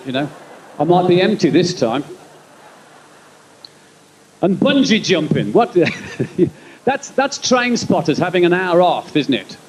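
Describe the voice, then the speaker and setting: A man in his forties with a Birmingham accent doing live stand-up at an outdoor concert. He chats and rambles to the audience, with quick punchlines. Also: high voice, big pitch swings, a little hiss or hum, poor audio. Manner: chatty, rambling asides to the crowd, quick punchlines. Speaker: stand-up comedian and concert compere. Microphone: stage microphone over a PA.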